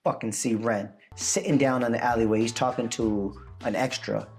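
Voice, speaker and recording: An animated man tells a story in casual chat, jumping into quoted voices as he goes. Faint music plays under his voice. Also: medium pitch, moderate pace. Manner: excited storytelling, acts out quotes. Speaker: host.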